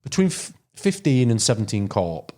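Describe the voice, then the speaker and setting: A man's voice: medium pitch, very animated, moderate pace, darkish tone. A man from Derbyshire, a podcast guest telling long fishing stories in casual chat, full of restarts and fillers. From Derbyshire, England. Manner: rambling storytelling with many restarts and fillers. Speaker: podcast guest, carp angler.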